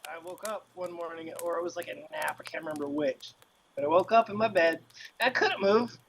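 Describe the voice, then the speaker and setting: A man's voice: fairly high pitch, a little fast, gravelly, a little hiss or hum, rough recording. A man chatting casually on a podcast. He rambles through a personal story, restarts his sentences and laughs often as he talks.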